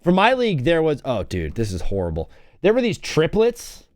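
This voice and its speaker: A man's voice: fairly high pitch, huge pitch swings, normal speed, darkish tone, dry recording, studio quality. A young man hosting a casual solo talk show, rambling through stories and chanting old cheers in a sing-song. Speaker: podcast host.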